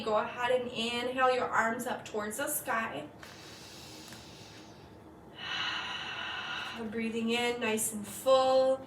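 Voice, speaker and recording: Slow, calm woman guiding yoga. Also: on the high side, a little hiss or hum. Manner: slow, calm cueing of breath and poses. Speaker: yoga instructor. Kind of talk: guided yoga class. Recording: echoey room from far off.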